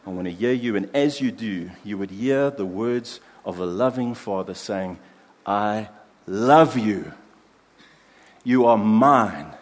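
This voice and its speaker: A man preaching a sermon as pastor, earnest, dropping soft for prayers and building emphasis in lists. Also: lowish voice, breathy edge, big-room sound.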